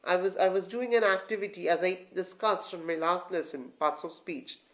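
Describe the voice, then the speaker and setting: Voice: mid-range voice, moderate pace. English tutor checking in with learners. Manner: keeps checking in with the viewers; repeats and restarts phrases while explaining. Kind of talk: online grammar lesson.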